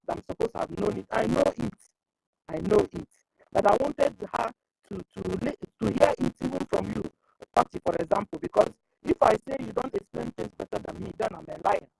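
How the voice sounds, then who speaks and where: A high, gravelly man voice with a halting, repetitive way of talking. He keeps checking his listeners follow him. The mic is at a distance and faint music plays underneath. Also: darkish tone, dry recording. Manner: halting, repeats himself, asks "you understand?". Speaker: speaker in an online audio meeting. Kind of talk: rambling spoken complaint.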